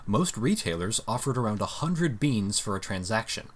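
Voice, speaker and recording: A man's voice: lowish voice, very animated, normal speed. A man co-hosting a podcast, explaining a story step by step in casual chat and often checking in with "right?". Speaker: podcast co-host.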